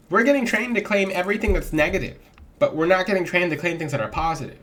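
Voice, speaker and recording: Man vlogging spiritual advice, lively and preachy, slightly high voice that swings around, quick to laugh. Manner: animated and preachy, laughs readily. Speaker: spiritual vlogger selling gemstones. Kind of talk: casual spiritual advice to camera.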